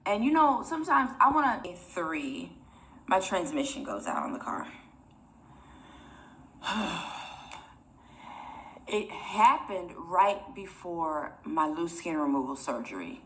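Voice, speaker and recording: A woman's voice: lowish voice, big pitch swings, takes it slowly, pauses often, a bit bright, a little hiss or hum. A young woman vlogger telling a personal story to her viewers in a rambling, chatty way, often close to tears. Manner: emotional, near tears.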